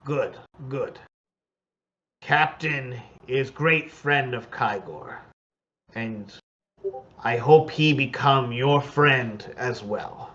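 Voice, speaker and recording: A man's voice: mid-range voice, extremely slow, pauses often, bright, forceful tone, muffled recording. A man voicing a male warrior who speaks stiff, broken, formal English. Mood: earnest.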